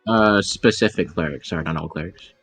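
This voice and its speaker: A man's voice: sits low, moderate pace, fairly bright tone, no echo, faint music behind. A man playing a tabletop game, chatting casually and thinking aloud with fillers. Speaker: player.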